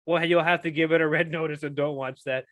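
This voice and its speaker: A man's voice: a little high, steady tone, fast, a bit bright, no echo. A man co-hosting a casual podcast, joking and ranting about movies with casual swearing. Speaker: podcast co-host. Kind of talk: casual chat.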